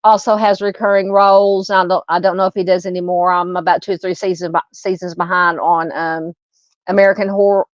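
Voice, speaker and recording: A woman's voice: lowish voice, little pitch movement, a little fast, dry recording, dull audio. Rambling Southern woman hosting a live stream. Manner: rambling, with many fillers and restarts. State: hiccups. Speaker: host of a live true crime stream. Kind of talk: casual live-stream chat, reading comments.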